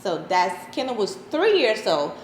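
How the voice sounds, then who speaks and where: A woman in her thirties answering interview questions, hesitant, with many pauses and restarts. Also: medium pitch, big pitch swings. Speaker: interviewee, mother of an autistic son. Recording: echoey room, faint background noise.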